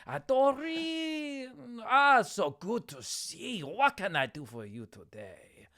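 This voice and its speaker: Man doing a showy, boisterous fishmonger; high, grand patter. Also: lively intonation, takes it slowly, bright, forceful tone, heavily acted. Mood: jovial. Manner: booming theatrical salesman patter. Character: tall bearded showman fishmonger, jovial.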